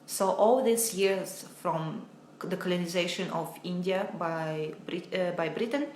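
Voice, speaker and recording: A woman, an English teacher talking in a live online Q&A lesson and pausing often on filler sounds. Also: fairly low pitch, a little mellow, slight background noise. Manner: hesitant, many filler sounds, reads viewer comments aloud. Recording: roomy echo.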